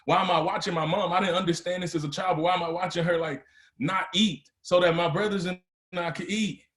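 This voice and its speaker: Guy giving a fired-up motivational talk to a crowd, kinda high voice, echoey room. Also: fairly even intonation, fairly quick, fairly bright tone. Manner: storytelling, rising to emphatic peaks. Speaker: motivational speaker. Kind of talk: motivational speech to a live audience.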